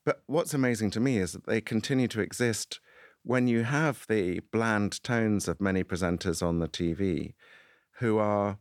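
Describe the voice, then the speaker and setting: A man's voice: lowish voice, moderate pace, no echo. A man presenting a studio radio discussion, making brief, wry remarks to his guest.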